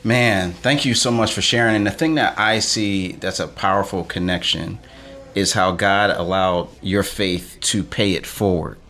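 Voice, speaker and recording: Low-voiced male podcast host. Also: measured pace, pushed and bright. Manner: reflective, summing up the guest's story. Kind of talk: podcast interview.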